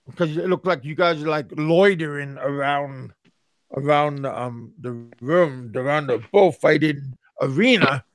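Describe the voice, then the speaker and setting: A middle-aged man hosts a casual live stream, talking slowly and haltingly, stumbling over and repeating his words. His voice sits a little high for a man, and the sound is dry and close with no room around it. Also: no room sound. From USA. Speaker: streamer host.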